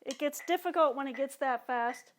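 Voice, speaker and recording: A woman teaching drum exercises, calmly cueing each one while she plays. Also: sits high, normal speed, over loud music. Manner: calm, counts and cues exercises while playing. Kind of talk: instructional demonstration. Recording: talk over loud drumming and metronome.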